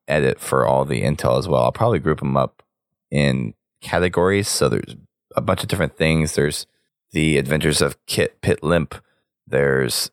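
Deep rumbling, gravelly and hoarse, this man hosts a casual podcast, talking his listeners through plans at an easy ramble. His voice sits at the very bottom of the range with lots of fry. It's recorded dry and close on a podcast mic. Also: no room sound. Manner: talkative, rambling sign-off. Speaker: podcast host.

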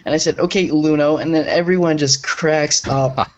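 A man's voice: a little high, steady tone, normal speed, slight background noise. A man telling a rambling funny story in a casual gaming podcast chat. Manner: rambling, laughing at his own story.

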